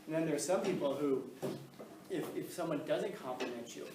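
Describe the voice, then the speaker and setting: A man's voice: a little high, brisk. A male teacher giving a casual, joking classroom lecture, full of fillers and questions to the class. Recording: echoey classroom, mic far off, faint noise.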